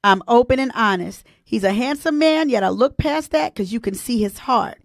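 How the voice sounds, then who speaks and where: A woman's voice: a little high, animated, normal speed, dry recording, clean studio sound. A woman, hosting a casual live-stream chat, chatty and emotional as she talks to her viewers. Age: 40s. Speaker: host.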